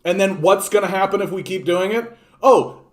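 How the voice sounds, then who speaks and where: Fed-up man ranting, high-ish voice. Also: normal speed. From Canada. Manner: profane, exasperated, sneering mock voices. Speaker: political commentator. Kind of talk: angry political rant.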